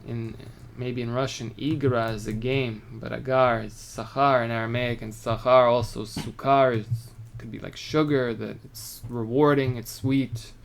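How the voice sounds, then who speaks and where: Male Torah teacher, mid-pitched, casual, reads verses aloud and then explains them, with keyboard typing faint in the background. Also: level tone, measured pace, gravelly, few pauses. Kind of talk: informal text study lesson.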